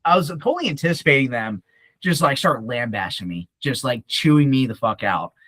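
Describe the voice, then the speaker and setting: A young man telling a profane, animated story in casual talk, often acting out the voices of others. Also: mid-range voice, brisk, no echo. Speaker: podcast guest.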